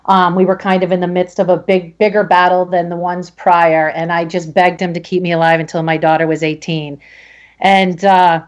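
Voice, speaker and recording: A woman guest telling her own story in halting speech, with many restarts and fillers. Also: on the low side, level tone, muffled recording. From Connecticut. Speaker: podcast guest. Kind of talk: emotional personal story.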